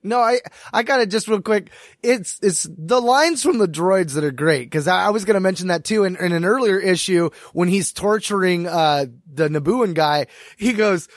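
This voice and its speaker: A man co-hosting a podcast, talking in an animated, excitable way and tripping over his words. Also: high voice, moderate pace, dry recording, clean studio sound. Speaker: podcast co-host. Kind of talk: casual chat and sponsor read.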